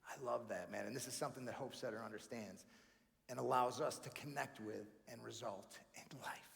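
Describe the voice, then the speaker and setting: A man from New York doing energetic, chatty stand-up comedy as a banquet keynote, often calling the crowd friends and man. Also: medium pitch, brisk, vocal fry. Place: large banquet hall. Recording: live hall reverb with faint room noise.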